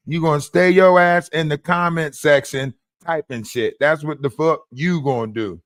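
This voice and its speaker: A man in a heated livestream rant, mocking and profane, hammering the same phrases over and over. His voice sits a bit high for a man. It is dry and close on the mic. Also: moderate pace, hardly any pauses, fairly bright tone, no echo. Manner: profane, mocking, repeats lines for emphasis. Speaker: livestream host.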